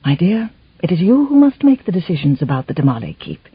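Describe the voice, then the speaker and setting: A woman voicing an older lord and gentle stepfather, with measured, old-fashioned speech, in a slightly muffled recording. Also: on the low side, big pitch swings, breathy edge, dry recording, heavily acted.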